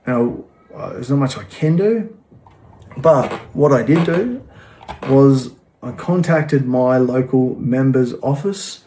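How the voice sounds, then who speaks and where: A man's voice: mid-range voice, lively intonation, takes it slowly, dark tone, a little hiss or hum. Plain-spoken man with frequent ums. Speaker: vlogger. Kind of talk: casual talk to camera.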